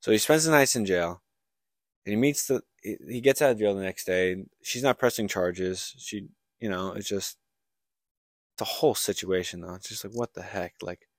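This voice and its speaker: A young man co-hosting a podcast speaks in a lowish voice at a moderate pace, recorded dry with studio quality. He casually recaps a book's plot as a rambling storyteller, full of "likes" and restarts.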